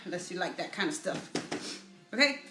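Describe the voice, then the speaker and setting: A middle-aged woman chats her way through a home cooking demo, her voice a touch low and her talk loose and halting. She sounds like she is in an echoey kitchen, with faint music playing underneath. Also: expressive. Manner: casual, halting, greets viewers by name while cooking. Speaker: cooking show host. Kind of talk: live-stream cooking demo, chatty.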